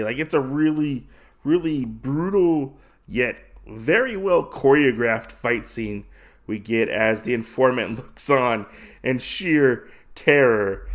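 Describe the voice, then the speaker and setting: A man hosting a podcast, casually recapping a comic issue with enthusiasm and lots of filler words. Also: medium pitch. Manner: enthusiastic, rambling with many fillers. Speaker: podcast host.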